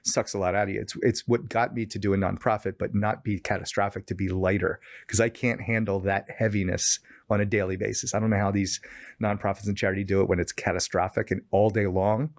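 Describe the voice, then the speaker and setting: A middle-aged man with a lowish voice speaks briskly on clean studio audio with no room sound. As a podcast guest in casual chat, he tells a story animatedly, raising his voice to act out quoted lines.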